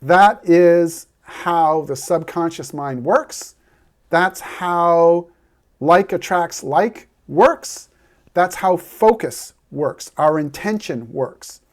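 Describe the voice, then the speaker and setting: A man's voice: on the high side, drawn-out words. A man speaking straight to the viewer as a heartbreak coach, earnest and persuasive, giving a motivational talk. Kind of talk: direct-to-camera motivational talk.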